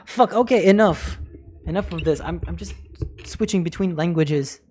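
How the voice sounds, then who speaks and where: A man's voice: high-pitched, moderate pace, a little mellow. A man streaming live, chatting casually, swearing often, joking and breaking into mock foreign phrases. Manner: laughs often between lines. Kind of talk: casual livestream chat.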